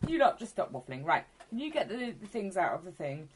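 A woman playing a tabletop game, speaking in a brisk, bossy way. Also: medium pitch, big pitch swings, crowd noise. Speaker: player. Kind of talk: casual tabletop play.

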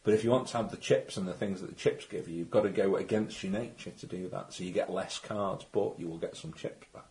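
A man's voice: deep voice, fairly quick, darkish tone, low-quality recording. A man running a tabletop game, explaining rules and recapping the story in a rambling, chatty way. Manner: rambling, chatty, frequent restarts. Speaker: game master.

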